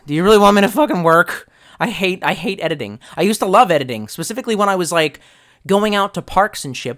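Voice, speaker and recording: A man's voice: high voice, a bit bright. A man streaming live, who rambles casually with lots of swearing and reads viewer comments aloud.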